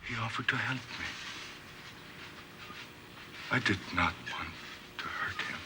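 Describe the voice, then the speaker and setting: An actor playing a tormented, childlike male creature in a 1970s TV horror drama, speaking in halting, plaintive phrases. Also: on the low side, a crowd in the background. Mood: pleading.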